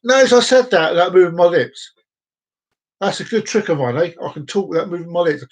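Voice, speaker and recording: Jokey man, slightly high voice. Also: fairly quick. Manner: jokey and rambling, with groan-worthy puns; chats directly to viewers by name. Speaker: live stream host. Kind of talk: casual live-stream chat.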